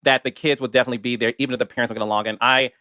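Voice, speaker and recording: A man's voice: mid-range voice, fairly even intonation, racing, no echo, clean studio sound. A man interviewing a guest, candid and openly emotional, casual in his speech. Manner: warm-hearted, candid, emotional. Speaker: interviewer, producer. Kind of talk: interview chat.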